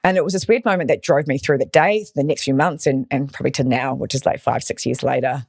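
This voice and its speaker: A woman, a podcast guest, tells a personal story with animated, emotional energy. Her voice is dry and close to the mic. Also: rumbling low, quick pace, creaky, husky, no room sound. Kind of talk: storytelling in interview.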